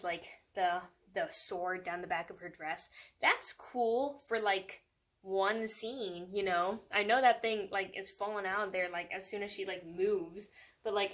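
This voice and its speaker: A woman's voice: mid-range voice, fairly bright tone. Chatty young woman, sarcastic. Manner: chatty and sarcastic, fills with "like", laughs often. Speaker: book reviewer. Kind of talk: casual chat.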